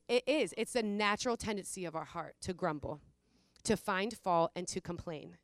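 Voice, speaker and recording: A woman giving an informal Bible teaching, chatty and animated, often checking in with her listeners and acting out prayers with a laugh. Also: fairly low pitch, normal speed, no room sound. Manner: conversational, animated, checks in with "okay?" and "right?"; acts out prayers and quotes with laughing asides.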